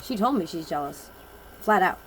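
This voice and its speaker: A woman's voice: fairly low pitch, lively intonation, normal speed, a bit bright, a little hiss or hum, poor audio. A woman giving a casual oracle card reading, telling personal stories in a blunt, rambling and emphatic way.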